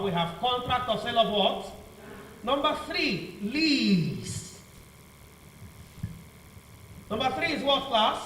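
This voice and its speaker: A male law teacher with a high, fairly bright voice gives a revision lecture, prompting the class to complete his sentences with "what?" in a call-and-response style. The room is echoey, the mic sits far off, and there's faint ambience plus slight background noise.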